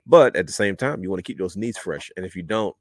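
A man's voice: sits low, lively intonation, fast talker, no room sound, clean studio sound. A man hosting a podcast in a casual, rambling chat, calling listeners brother. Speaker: podcast host.

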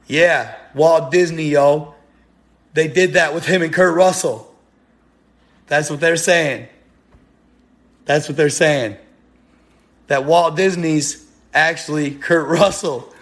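A man's voice: on the high side, slow pace, long pauses. A young man rambling casually to his viewers in a live stream, slangy and laughing often.

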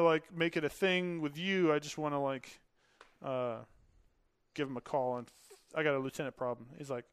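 A man in his thirties, an Air Force veteran appearing as a podcast guest, tells stories casually, laughing often and acting out the dialogue. His voice is a little high, clear, and resonant, and he talks fast with no room sound.

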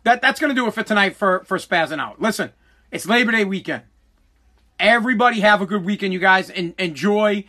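A man with a Boston accent hosting a solo podcast, ranting loudly and combatively with plenty of swearing. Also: high voice, lively intonation, brisk. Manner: loud, combative ranting with profanity. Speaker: podcast host.

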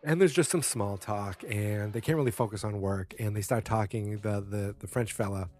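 A man with a somewhat low voice talks through a TV episode in a loose, rambling way. He stacks up fillers, corrects himself mid-sentence and drops blunt opinions without holding back. Faint music sits underneath his voice. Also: moderate pace, a little mellow. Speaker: TV episode recapper. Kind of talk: casual spoken recap.

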